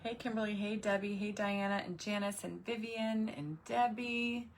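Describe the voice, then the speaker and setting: A woman's voice: medium pitch, fairly even intonation, normal speed, few pauses, a little hiss or hum. A woman, hosting a casual craft livestream and chatting with viewers, greeting them by name. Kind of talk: casual live craft stream chat.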